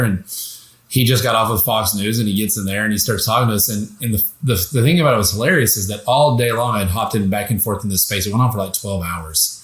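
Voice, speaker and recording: A man telling a story as a guest on a casual political talk show, lively and mocking the people he quotes. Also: lowish voice, fairly quick. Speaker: podcast guest. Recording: echoey room.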